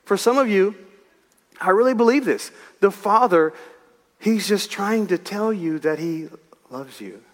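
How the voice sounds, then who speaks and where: Male pastor, fairly high voice, chatty and humorous sermon, long hall reverb. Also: a little slow. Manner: animated, conversational preaching with humor.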